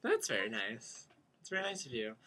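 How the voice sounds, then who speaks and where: A woman's voice: rumbling low, wildly swooping pitch, brisk, pushed and bright, slightly rough. A woman co-hosting a casual chat who chimes in and laughs often. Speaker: co-host.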